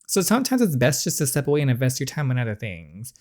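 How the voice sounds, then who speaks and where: A YouTuber reading the lines of a cold, calculating estranged father in a story game, in a measured, veiled way. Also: medium pitch, very animated, a little mellow. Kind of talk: reading game dialogue aloud.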